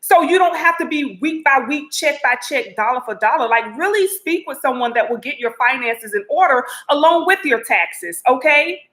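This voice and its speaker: A woman's voice: high-pitched, animated, normal speed, few pauses, sharp tone, rough recording. A woman hosting her own talk show, chatting casually to her viewers with frequent repeated asides. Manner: chatty, repetitive asides to the audience.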